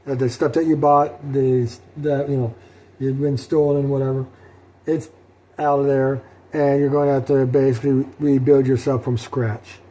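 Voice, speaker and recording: A sleepy, yawning middle-aged man rambles haltingly through his solo tabletop role-playing session, full of fillers and restarts. His voice is medium-pitched and warm, with a flat delivery.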